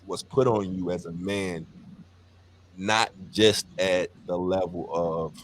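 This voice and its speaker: Deep-voiced profane podcast co-host man. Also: slight background noise. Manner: candid, profane, storytelling. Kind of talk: casual podcast chat.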